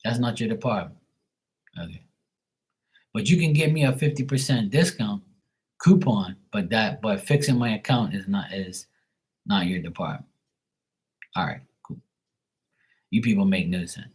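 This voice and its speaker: Ranting, cursing man with a lowish voice. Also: expressive, moderate pace, long pauses, a little mellow, husky, rough recording. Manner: irritated, profane, ranting. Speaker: livestream tarot reader. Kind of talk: casual livestream rant.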